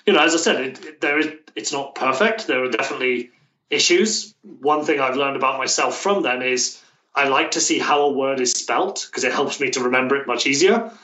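A man's voice: medium pitch, brisk, pushed and bright. A British man chatting as an interview guest, talking in a loose way with many restarts and fillers. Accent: British English. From Britain. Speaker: guest, language coach. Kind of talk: casual interview chat. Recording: roomy, distant, dull remote-call sound.

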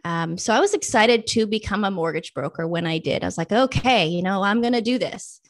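A woman's voice: mid-range voice, expressive, brisk, dry recording, studio quality. A young adult woman, a guest in a casual interview, telling her own story and acting out past thoughts and friends' lines.

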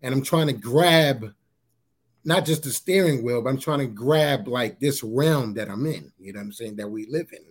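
A man sharing a personal testimony in a casual interview, halting and repeating his words as he tells it. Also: husky. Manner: halting, repeats words, often says "you know what I'm saying"; grows animated at high points.

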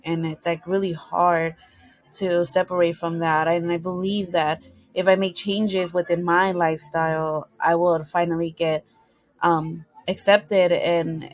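A woman's voice: on the low side, level tone, unhurried, low-quality recording. Candid, laughing young woman co-host. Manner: candid, profane, laughs often. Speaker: podcast co-host. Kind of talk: casual podcast chat. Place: her bedroom at home.

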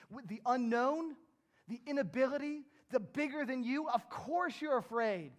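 A man's voice: very high voice, moderate pace. A middle-aged man pastor preaching a sermon in an earnest, emphatic way, pushing up to strong rises.

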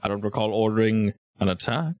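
A man's voice: on the low side, lively intonation, fairly quick, dry recording, muffled recording, lightly acted. A man voicing a courteous, formal male base commander in a tabletop game. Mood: suave.

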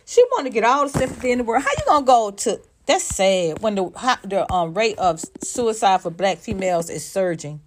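A woman's voice: medium pitch, big pitch swings, fairly quick, few pauses, a little hiss or hum. A woman giving heated celebrity gossip commentary, blunt and profane, firing off sarcastic rhetorical questions.

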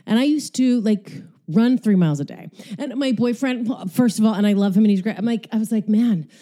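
A woman's voice: a little high, fairly quick, mellow. Breathless, profane woman talking casually. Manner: candid, profane, rambling. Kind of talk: casual monologue while exercising.

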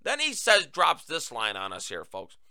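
A man hosting a political talk show. He speaks in a bright, forceful voice that swings widely in pitch. He is sarcastic and emphatic, with clear, smooth delivery in a dry studio sound. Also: huge pitch swings, normal speed, dry recording. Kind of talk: political commentary.

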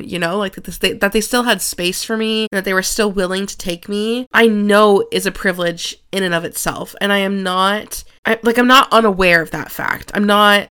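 A young woman in her twenties hosting her own podcast, talking alone into the mic. She speaks with open, confessional frankness, swears casually and fills her sentences with "like" and "you know". Her pitch sits in the middle range for a woman. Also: sharp tone, clear, resonant tone. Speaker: podcast host. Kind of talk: candid solo podcast monologue.

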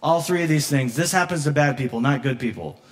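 A man preaching a sermon as pastor, conversational and animated, laughing often and acting out quoted voices, moved close to tears at times. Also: medium pitch, a little fast. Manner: emotional, near tears at moments.

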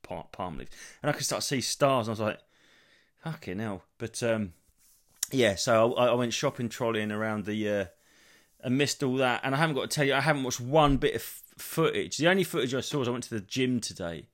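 A man in his thirties hosts a solo comedy podcast, rambling and swearing as he meanders through animated stories. His voice is medium-pitched and his delivery brisk.

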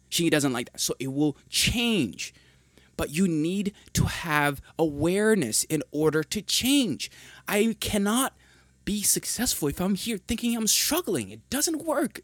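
A young man hosting a podcast, talking in a heated, emphatic monologue with a husky voice, repeating points and swearing often. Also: a little high, no echo. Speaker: podcast host.

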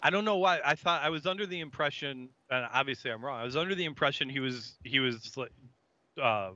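A man co-hosting a casual podcast who speaks in halting bursts and makes blunt interjections. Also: medium pitch, pushed and bright, dry recording. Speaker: podcast co-host. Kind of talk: casual chat. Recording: dull dry recording.

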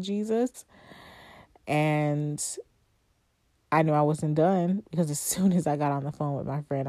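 Woman host, deep mellow voice, unhurried reflective monologue, dry close sound. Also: no room sound. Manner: heartfelt, conversational, with long pauses and rhetorical questions. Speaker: podcast host. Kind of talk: reflective solo podcast monologue.

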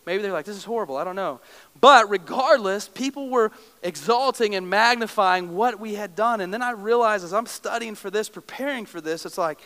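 A man's voice: high voice, normal speed, pushed and bright. A young adult male pastor preaching a sermon, emotive and storytelling with self-deprecating humor. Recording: long reverb of a large hall.

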